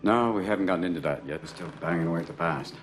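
An actor playing a calm, guarded middle-aged male therapist with a dry way of talking. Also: low-pitched, racing, natural voice. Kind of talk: film dialogue. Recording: film scene with music behind.

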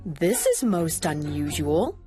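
Storybook old man, woman reader doing him: gentle, grateful, slow and tired. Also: low-pitched, huge pitch swings, music in the background, pitched below the performer's own voice, exaggerated voice. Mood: polite.

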